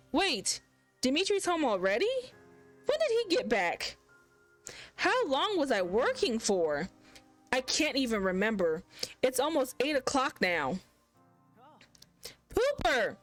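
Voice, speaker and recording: A woman's voice: fairly high pitch, poor audio. A woman hosting a gaming channel, reading a visual novel aloud in the first person and chatting about it expressively.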